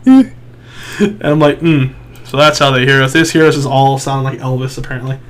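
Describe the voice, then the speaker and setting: A man's voice: mid-range voice, a little fast, rough recording. A young man co-hosting a casual podcast, laughing often as he retells stories. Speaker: podcast co-host.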